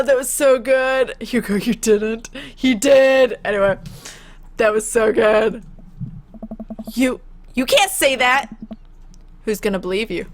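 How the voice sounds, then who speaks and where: A woman streamer giving casual let's-play commentary, excitable and gushing, quick to laugh and squeal over what happens on screen. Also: a little high. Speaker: gaming streamer.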